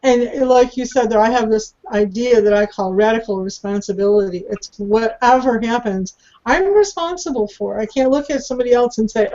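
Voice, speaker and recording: Candid, higher-voiced woman sharing. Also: normal speed, mellow, lo-fi sound. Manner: candid, earnest and searching. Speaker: circle participant. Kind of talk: casual spiritual sharing.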